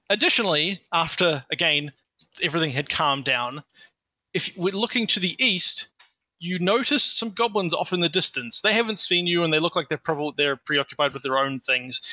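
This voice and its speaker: A man with a higher, pushed and bright voice runs a tabletop game as game master. He narrates the scene in a casual, meandering way, frequently correcting himself, with no echo.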